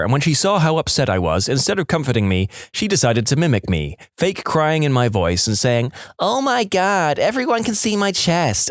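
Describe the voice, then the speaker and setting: A man reading out reader-submitted stories in a brisk, matter-of-fact scripted narration. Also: medium pitch, no echo, studio quality. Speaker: story narrator.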